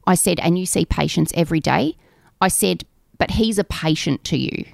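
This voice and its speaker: Gravelly woman telling stories. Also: lowish voice, normal speed, no room sound, studio quality. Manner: animated storyteller, swears freely. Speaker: podcast co-host. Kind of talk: casual chat.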